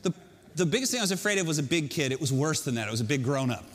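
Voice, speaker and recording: A man telling a self-mocking personal story to an audience, animated and conversational. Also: a little high, rapid-fire. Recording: long hall reverb.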